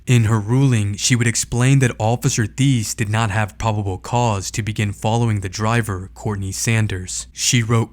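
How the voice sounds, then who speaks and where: Low-voiced man narrating a case. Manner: measured, deliberate reading. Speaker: channel host and narrator. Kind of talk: scripted narration.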